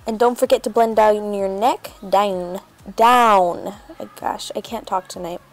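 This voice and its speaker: A woman's voice: medium pitch, steady tone, normal speed, darkish tone, soft background music. A woman chatting casually as she narrates a makeup tutorial, rambling with lots of fillers. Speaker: beauty vlogger.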